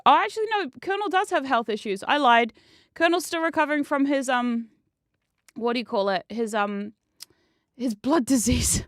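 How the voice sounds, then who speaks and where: Chatty high-voiced woman streaming a game. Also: clean tone, no room sound, studio quality. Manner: chatty, swears freely, laughs often. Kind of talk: casual gaming stream chat. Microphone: desk microphone.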